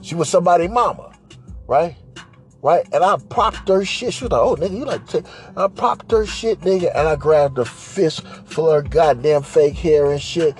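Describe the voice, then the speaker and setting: A man's voice: fairly high pitch, normal speed, soft background music. A man hosting a podcast, telling a crude story in a boastful, profane way, repeating phrases and slipping into singsong. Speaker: podcast host.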